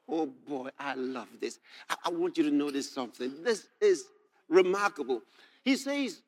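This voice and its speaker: A male preacher with a high, lively voice that leaps up and down in pitch. He drops to soft asides and then shouts the scripture he reads aloud. He laughs now and then as he preaches. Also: moderate pace. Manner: laughs while reading. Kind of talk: sermon.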